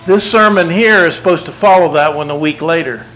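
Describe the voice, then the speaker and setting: An older man preaching a sermon, folksy and self-deprecating, unhurried. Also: a little high, fairly bright tone, low-quality recording.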